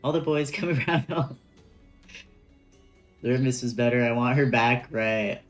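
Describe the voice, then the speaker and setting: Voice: medium pitch, unhurried, faint music behind. A game streamer chatting casually with their chat, laughing often while reading a story game aloud.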